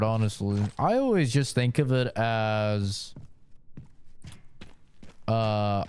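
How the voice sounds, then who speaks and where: A man's voice: mid-range voice, darkish tone, clean tone. A man streaming a game, chatting casually in a rambling, joking way with lots of fillers. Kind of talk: casual chat while gaming.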